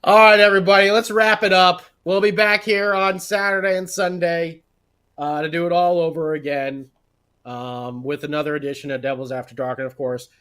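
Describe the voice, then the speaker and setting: A man hosting a casual sports podcast, chatting with plenty of "you know" and "um." His voice sits a bit high and swoops around lively. He keeps the chat loose and animated. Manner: chatty, animated, with filler words. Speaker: podcast co-host.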